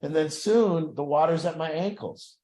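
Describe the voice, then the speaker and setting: A man's voice: a little high, moderate pace, a little mellow. A man leading an addiction recovery group in a room, talking earnestly and reflectively, acting out the inner voices he describes.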